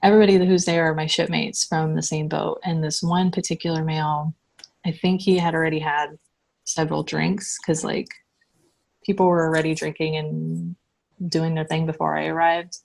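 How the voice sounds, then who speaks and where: Soft-spoken woman recounting her story. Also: low-pitched, little pitch movement, creaky. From United States. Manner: halting, full of "like" and restarts. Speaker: interviewee sharing her story. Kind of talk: personal recounting.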